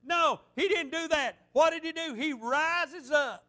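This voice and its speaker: High-voiced fervent preacher man. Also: unhurried, pushed and bright. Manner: fervent, repetitive preaching with storytelling. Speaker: pastor. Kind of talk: sermon.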